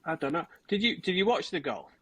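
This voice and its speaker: A man's voice: a little high, very animated, a little fast, fairly bright tone, husky, poor audio. A man appearing as a guest coach on a podcast over a video call, answering in a cautious, hesitant way. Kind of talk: casual podcast interview.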